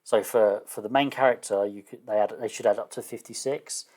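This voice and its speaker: A man explaining his solo tabletop game setup in a casual, hesitant way, often pausing with fillers and restarting sentences, and unsure of some terms. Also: lowish voice, fairly even intonation, a little mellow. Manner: self-deprecating, unsure of terms. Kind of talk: casual thinking-aloud explanation.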